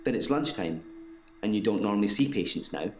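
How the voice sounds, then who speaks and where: An actor playing a detached male patient in a full-motion video game, with an even, measured delivery. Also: on the low side, background noise, natural voice. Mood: flat, detached. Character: calm, detached British male patient who walks through doors.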